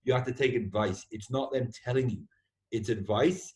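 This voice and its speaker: A man's voice: mid-range voice, normal speed. A man hosting a podcast, talking in a casual, heartfelt way, swearing freely and often ending with "man". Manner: animated, swears freely, says "man" a lot. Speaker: podcast host.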